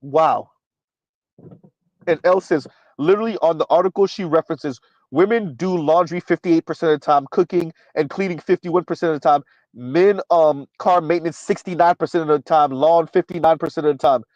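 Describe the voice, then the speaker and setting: A man's voice: on the high side, brisk, a little mellow, no echo, lo-fi sound. Emphatic man hosting a livestream. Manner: emphatic, repeats "right?" often. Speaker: commentary channel host. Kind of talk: livestream commentary reading chat.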